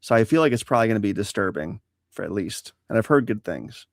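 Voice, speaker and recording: Low-ish voiced guy on a stream, chill, just giving his take. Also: lively intonation, quick pace, creaky, dry recording, clean studio sound. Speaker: podcast co-host. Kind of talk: casual live-stream chat.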